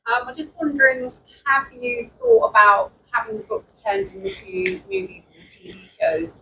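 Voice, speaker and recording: Woman in the crowd, lively and a bit gravelly, hesitant; picked up from far off with faint room hum. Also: a little high, normal speed. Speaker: audience member asking a question. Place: library event room, in the audience.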